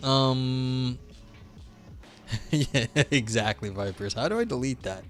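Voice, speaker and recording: A man's voice: mid-range voice, slow. A man with a mid-range voice runs a live philosophy stream. He reads an academic paper aloud, then breaks off to explain it in plain words and to chat loosely, poking fun at himself. Faint music plays behind him. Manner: chatty and self-deprecating, reading aloud then explaining in plain terms.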